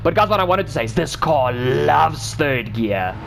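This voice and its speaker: Animated man commentating a racing game. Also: fairly high pitch, normal speed, vocal fry, very noisy. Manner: animated, exclaims and repeats himself. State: talking while driving laps. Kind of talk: excited gameplay commentary.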